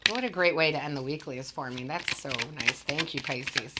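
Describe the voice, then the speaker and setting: Woman w a low voice doing a tarot reading, earnest, gushy, kinda stumbles over her words. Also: heavy background noise. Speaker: tarot reader. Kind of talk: casual tarot reading to viewers.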